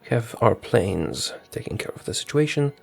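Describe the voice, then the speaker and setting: Gravelly man narrating his strategy game. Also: lowish voice, expressive, moderate pace, soft background music. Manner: thinks aloud, talks to his units, corrects himself. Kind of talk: casual gameplay commentary.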